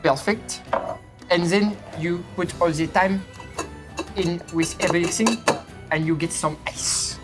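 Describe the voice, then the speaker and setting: A woman's voice: on the low side, lightly acted. A woman doing a little French boy bartender. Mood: deadpan chatty. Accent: mock French. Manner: halting, chatty bartender patter with many fillers. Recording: clear music under the voice. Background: music.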